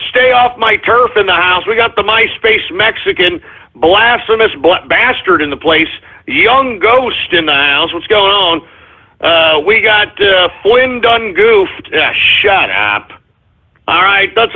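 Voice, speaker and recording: Male radio host, high husky voice, exasperated mock-angry rants, tinny phone-grade sound. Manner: mock-angry ranting, swearing, exasperated outbursts. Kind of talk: live internet talk radio, reading listener shout-outs.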